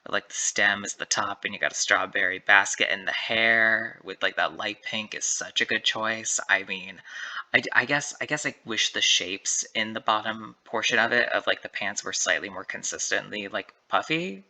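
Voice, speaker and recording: Male recap commentator, low voice with a sharp bright edge, chatty and rambling, constant self-corrections. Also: fairly even intonation, normal speed. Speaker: drag race recap commentator. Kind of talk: casual solo commentary.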